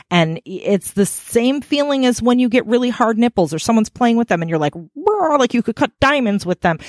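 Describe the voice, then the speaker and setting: A woman's voice: on the low side, no echo, studio quality. A woman hosting a podcast, explaining things frankly and playfully in casual talk. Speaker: podcast host.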